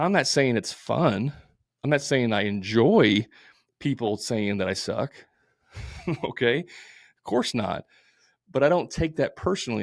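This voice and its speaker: Gravelly blunt podcast host man. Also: mid-range voice, no echo, studio quality. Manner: blunt, repetitive, informal with fillers and restarts. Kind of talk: solo podcast monologue.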